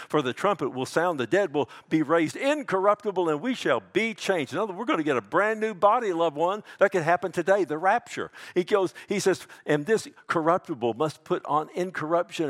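A man preaching a sermon in a fairly high voice that swings between hushed lows and loud, emphatic highs. He talks conversationally, restarting phrases and calling out "amen?" to the congregation. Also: lively intonation, a little fast, few pauses. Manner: addresses listeners as "loved one", asks "amen?"; conversational with restarts and self-corrections. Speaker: pastor.

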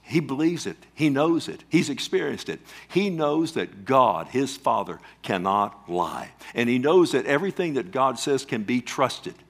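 A man's voice: medium pitch, sing-song, unhurried, few pauses. Emphatic preaching man. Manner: emphatic, calls for responses, sudden loud swells and quiet drops. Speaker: pastor. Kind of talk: sermon.

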